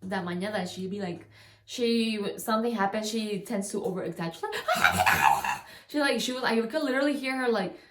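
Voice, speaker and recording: A woman's voice: on the high side, fairly quick, background noise. A young woman telling a long personal story to the camera in a loose, rambling way, leaning on "like" and often restarting her sentences. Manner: rambling, heavy use of "like", frequent restarts. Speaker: vlogger. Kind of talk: casual storytime. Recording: roomy echo.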